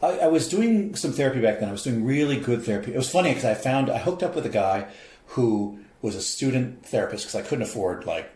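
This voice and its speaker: A man's voice: mid-range voice, animated, quick pace, a little mellow. A middle-aged man from St. Louis, a professor and podcast guest, telling a candid personal story with emotion and acting out quoted voices. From St. Louis, USA. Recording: roomy echoey podcast room.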